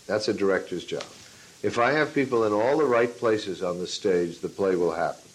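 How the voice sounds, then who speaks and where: A fairly low-voiced man talks as a film and stage director in an interview. He tells his stories with life, acting out what he once said. He also teaches a class. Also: normal speed, low-quality recording. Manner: lively storyteller, acts out his own past lines. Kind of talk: interview answer, telling a story.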